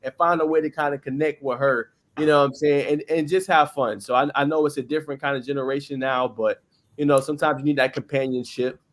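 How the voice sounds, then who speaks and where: A man's voice: a little high, fairly even intonation, fast. A man on a casual sports podcast, talking in a playful, conversational way and often saying "you know what I'm saying".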